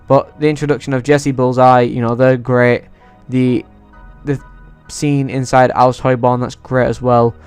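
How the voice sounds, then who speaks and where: A man ranking movies in a casual vlog, excitable and swearing freely. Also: medium pitch, moderate pace, hardly any pauses, smooth, faint music behind. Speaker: YouTuber.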